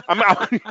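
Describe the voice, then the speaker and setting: A man in his thirties telling animated stories in casual chat, swearing heavily. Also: sits high, gravelly, no echo, dull audio. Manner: animated storytelling, heavy swearing. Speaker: podcast co-host.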